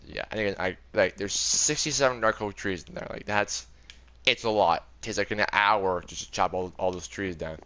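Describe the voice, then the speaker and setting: A young man gives a rambling, chatty tour of his game world for a gaming video, repeatedly correcting himself. His lowish voice is bright, forceful, and clean, delivered at a moderate pace.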